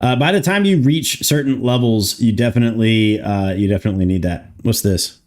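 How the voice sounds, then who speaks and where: Lower-voiced man muttering while coding. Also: brisk, darkish tone. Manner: thinking aloud, muttering, swears casually. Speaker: streamer coding a game mod. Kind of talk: casual livestream chat while coding.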